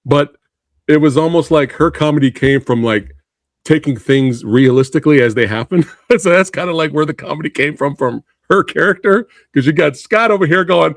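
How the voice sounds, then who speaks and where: A young man hosting a podcast interview in casual chat, excitable and quick to laugh. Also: a little high, dry recording, clean studio sound. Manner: excitable, laughs often, calls guest bro and dude. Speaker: podcast host.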